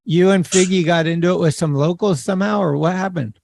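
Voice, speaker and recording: A man hosting a podcast, chatting casually and excitably, laughing often. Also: high-pitched, a little fast, creaky, no echo, studio quality. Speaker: podcast host. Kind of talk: casual chat.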